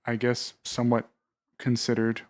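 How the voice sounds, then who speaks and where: A man of mid pitch speaks in a roleplay game as a mentor figure. He repeats words in quick runs to soothe and steer another player. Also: completely flat delivery. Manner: repeats words in rapid strings. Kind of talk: roleplay game character talk.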